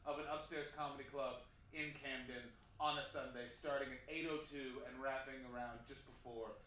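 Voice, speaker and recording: A man doing improvised stand-up as host of a live podcast in a small comedy club, teasing and swearing at the audience with quick, playful energy. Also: mid-range voice, fairly even intonation, pushed and bright, a little hiss or hum. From Canada. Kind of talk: improvised stand-up crowd work. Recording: roomy club sound with crowd. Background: audience laughter.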